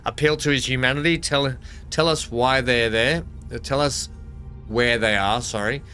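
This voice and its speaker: A man's voice: mid-range voice, normal speed, sharp tone, soft background music. An Australian man streaming a game live, chatting with viewers and reading the on-screen text aloud. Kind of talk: casual live gameplay commentary.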